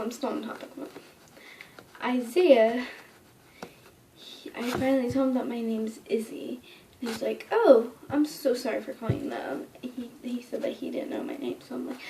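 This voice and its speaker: Young girl with a high voice doing a rambly storytime, whispers a lot then squeals, faint hiss behind. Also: vocal fry. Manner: rambling, dips into whispers and squeals when quoting. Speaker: vlogger. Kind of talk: casual storytime.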